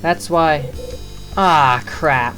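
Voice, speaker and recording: A woman putting on the voice of an excitable, slangy young man working at a hotel in a game. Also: low voice, drawn-out words, faint music behind, full character voice. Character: excitable young male bellhop, slangy and jumpy.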